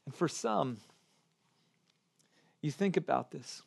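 A man's voice: a little high, normal speed. Earnest male pastor preaching. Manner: moves between gentle near-whispers and urgent pleas. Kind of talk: sermon.

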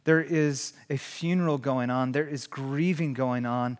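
A man preaching a sermon who moves from hushed, almost whispered lines to loud, impassioned shouts. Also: medium pitch, fairly even intonation, measured pace, few pauses. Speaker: pastor. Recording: long hall reverb.

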